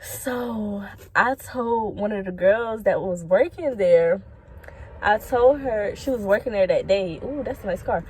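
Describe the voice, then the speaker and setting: A woman's voice: mid-range voice, a little slow, breathy edge. Blunt, profane young woman telling a story. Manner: blunt, profane, animated, talks straight to viewers. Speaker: storytime vlogger. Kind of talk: casual storytime.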